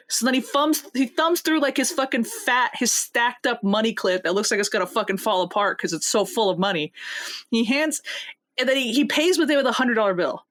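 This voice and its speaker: A young woman co-hosting a casual podcast, retelling a workplace story with constant swearing and animated quotes. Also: a little high, fairly quick. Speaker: podcast co-host.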